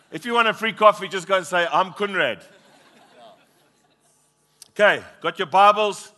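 A man's voice: high voice, normal speed, pauses often, pushed and bright. A middle-aged man preaching a passionate sermon as pastor, prompting the congregation to repeat lines.

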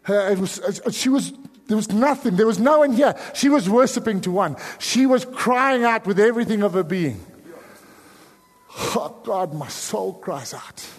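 A South African man preaching a sermon as pastor, dropping to hushed pleading and then rising to sudden loud cries. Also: high voice, animated, moderate pace, big-room sound.

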